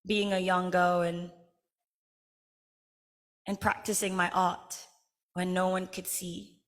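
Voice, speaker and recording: A woman's voice: on the low side, little pitch movement, slow. A woman from Guyana with a Guyanese accent, giving an earnest, heartfelt acceptance speech at a ceremony and telling her story with emphasis. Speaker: honorary degree recipient giving an acceptance speech.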